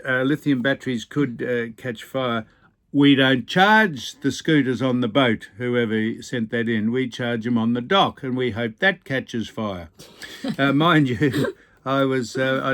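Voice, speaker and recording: A man's voice: mid-range voice, unhurried, a bit bright. Older man, dry teasing banter, opinionated, casual vlog chat on a boat. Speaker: vlog host. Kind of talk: casual chat reading viewer comments. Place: aboard a boat.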